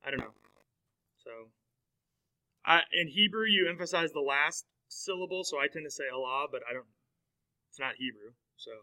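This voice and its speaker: A man lecturing in a classroom with a very bright, forward voice pitched a little high. He talks in a loose, conversational way, with lots of fillers and check-ins with his students. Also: moderate pace, long pauses, low-quality recording. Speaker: teacher.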